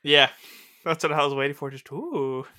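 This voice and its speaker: A man with a bright, forward voice talks through a show with a co-host. His delivery is animated and playful, breaking into little acted-out quotes and frequent laughs. The sound is close and dry. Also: on the high side, fairly quick, no echo. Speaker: podcast co-host. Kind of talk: casual fan discussion.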